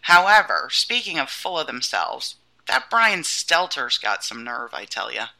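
Wry woman with a very bright voice. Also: a bass voice, very animated, vocal fry, rough recording. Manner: wry, dismissive, quick asides. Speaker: podcast co-host. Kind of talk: casual political chat.

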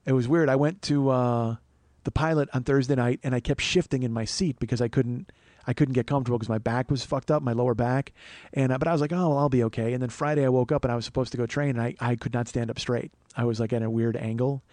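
A man talking very fast and loose, his stories rambling and full of swearing and self-mockery. The sound is close and dry with no room around it. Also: medium pitch, fairly even intonation, darkish tone, no echo. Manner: rambling, profane, self-mocking. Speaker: podcast host. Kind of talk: casual comedic storytelling.

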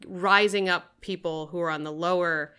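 A young woman talking casually as a podcast guest, rambling and animated, poking fun at herself. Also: fairly low pitch, normal speed, clean tone. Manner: rambling, animated, self-deprecating. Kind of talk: casual chat.

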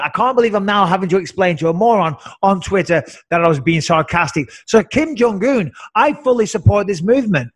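Sarcastic English man, slightly high voice. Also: lively intonation, a little fast, few pauses. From England. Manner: sarcastic, rambling storyteller. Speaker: podcast co-host. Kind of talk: casual podcast chat.

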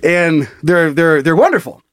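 A man's voice: fairly high pitch, expressive, a little slow, no room sound, studio quality. A man telling a story as a podcast host, in casual, profane comedy chat full of laughs.

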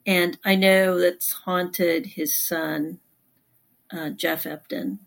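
A woman from Texas, an author guest in an interview, telling stories in a calm, reflective way. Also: on the low side, extremely slow, vocal fry. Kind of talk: conversational interview.

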